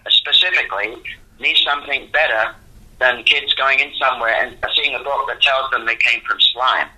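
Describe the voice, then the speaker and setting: A man's voice: mid-range voice, sharp tone, husky, rough recording. An older man, the founder of a religious museum ministry, answering interview questions in an earnest, devout and rambling way.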